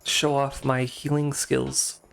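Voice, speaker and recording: In a completely flat, slow, vocal-fried voice of medium pitch, this man rambles through live-stream gameplay commentary. His manner is casual and self-mocking, and he often sounds unsure.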